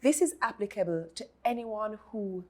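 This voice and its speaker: A woman's voice: mid-range voice, expressive, moderate pace, mellow. A woman hosting an interview, effusive and admiring of her guest. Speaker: host.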